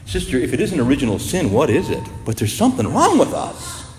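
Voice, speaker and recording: A man preaching a sermon as a priest, animated and asking his congregation rhetorical questions. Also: medium pitch, fairly quick, echoey room, in a large hall, slight background noise.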